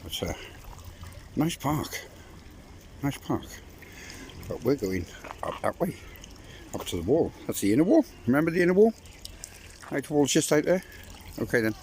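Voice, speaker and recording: A man's voice: medium pitch, big pitch swings, a little fast, pauses often, a little mellow, a little hiss or hum. Chatty man on a walking tour. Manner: chatty, wry asides to the viewer. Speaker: travel vlogger. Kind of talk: casual walking tour commentary. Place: outdoors, walking through town streets and a park.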